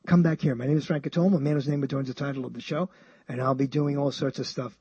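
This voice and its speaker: A man hosting a show, talking about books in a rambling, animated way, often chuckling and swinging his pitch high and low. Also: quick pace, husky, dry recording, highs cut off. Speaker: show host. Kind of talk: rambling radio-style talk about books.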